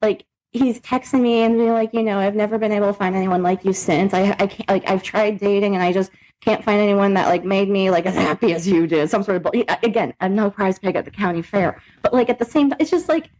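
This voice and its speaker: A woman's voice: mid-range voice, fairly even intonation, fast, darkish tone, poor audio. A young adult woman co-hosting a podcast, chatting casually and laughing often, with lots of swearing. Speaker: podcast co-host. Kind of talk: casual chat.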